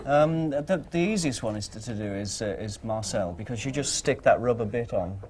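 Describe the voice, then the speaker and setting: A man's voice: medium pitch, lively intonation, moderate pace, a little mellow. A man being interviewed as a comedy guest on a chat show, giggly, manic and full of jokes. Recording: noisy TV recording.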